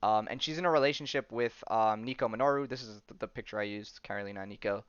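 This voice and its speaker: A man's voice: on the low side, quick pace, clear, resonant tone, no echo. A young man hosting a podcast, recapping a comic book in a casual, rambling, enthusiastic way, full of ums, restarts and slang. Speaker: podcast host. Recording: dull lo-fi sound, dry.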